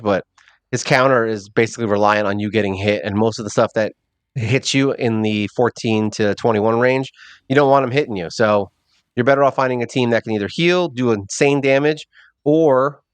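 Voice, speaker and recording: A man's voice: mid-range voice, normal speed, smooth, no echo. Guy rambling thru his game run, pokes fun at himself, plain middle voice, dead dry mic. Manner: rambling, self-mocking, thinks out loud. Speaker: mobile game channel host. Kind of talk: casual gameplay commentary.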